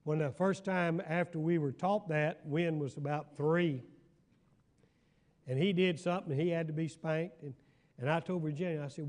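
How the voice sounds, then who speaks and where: A man's voice: fairly high pitch, moderate pace, darkish tone. An older man, a pastor teaching a Bible study in a folksy storytelling way, now and then asking his listeners if they follow. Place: church hall.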